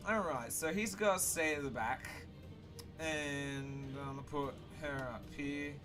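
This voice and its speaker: A man hosting a game playthrough, reading the story aloud and chatting casually, playful and excitable. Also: fairly high pitch, measured pace, music in the background. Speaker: let's play host and reader.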